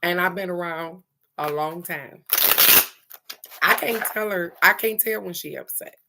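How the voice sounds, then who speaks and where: A woman's voice: fairly low pitch, a little slow, gravelly, heavy background noise. A woman doing a casual live-stream card reading, chatty and affectionate, laughing often and calling out to viewers by name.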